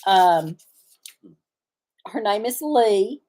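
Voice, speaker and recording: A woman's voice: medium pitch, expressive, extremely slow, warm tone. Rambling woman chatting live. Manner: rambling, often searching for words. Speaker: farm channel host. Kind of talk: casual livestream chat.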